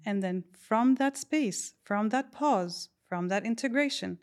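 A woman bodywork practitioner as a podcast guest, explaining in a calm, measured, unhurried way. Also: on the high side. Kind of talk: reflective interview talk.

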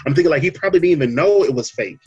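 Husky-voiced male podcast host, easygoing storyteller, light music under. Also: a little high, rapid-fire, highs cut off. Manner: relaxed storytelling, many fillers and "you know what I'm saying". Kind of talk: casual chat.

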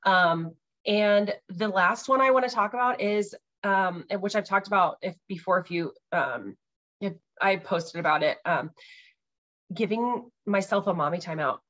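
A woman's voice: medium pitch, a little slow, a bit bright, highs cut off. A woman in her thirties hosting a podcast, chatting casually about parenting with lots of ums and likes. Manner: chatty, many ums and likes, laughs easily. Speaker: podcast host.

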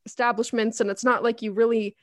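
A woman's voice: on the high side, level tone, fairly quick, dry recording, studio quality. A young woman co-hosting a podcast, talking in an emphatic, enthusiastic casual way. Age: young adult. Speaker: podcast co-host.

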